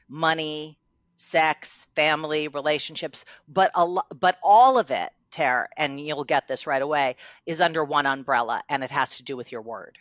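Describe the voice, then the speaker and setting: A woman's voice: sits low, a bit bright, no room sound. A middle-aged woman coach in a casual conversation, telling stories and acting out quoted lines with animation. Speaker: guest coach.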